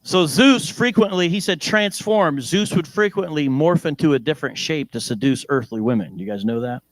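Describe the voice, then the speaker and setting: A male preacher with an American accent giving a lively sermon in church, joking and asking the congregation questions. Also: on the high side, moderate pace, dry recording.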